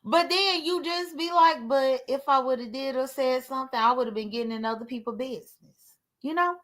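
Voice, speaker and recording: A woman's voice: sits high, a little fast, fairly bright tone. A woman, talking candidly and emotionally to her livestream viewers in a rambling way. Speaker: livestream host. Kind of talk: casual livestream talk.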